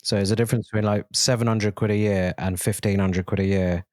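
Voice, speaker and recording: A man's voice: fairly low pitch, steady tone, fast, a little mellow, no echo, studio quality. A man co-hosting a podcast, chatting in an easygoing, reassuring way. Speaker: podcast co-host. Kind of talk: casual chat.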